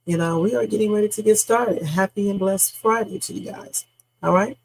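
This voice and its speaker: A man hosting a casual news-reaction livestream, hoarse from a sore throat, chatting straight to his viewers with rambling asides. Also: high voice, normal speed, poor audio. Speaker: livestream host. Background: background music.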